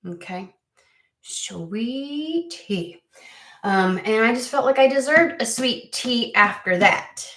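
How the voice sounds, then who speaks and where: A woman from the United States chatting casually to camera as a tarot reader, rambling and halting, with lots of fillers and restarts. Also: fairly high pitch, a bit bright. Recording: echoey room.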